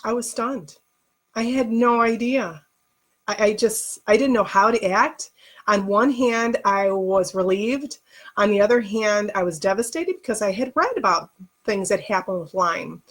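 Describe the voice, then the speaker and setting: A woman's voice: mid-range voice, unhurried. A middle-aged woman vlogger telling a personal story in a candid, conversational way, with plenty of emotion.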